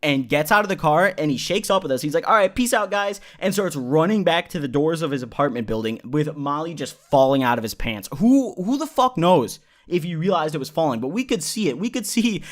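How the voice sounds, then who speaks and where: A man's voice: a little high, expressive, fairly quick, few pauses. A young man vlogging a casual, rambling, profane story with lots of energy.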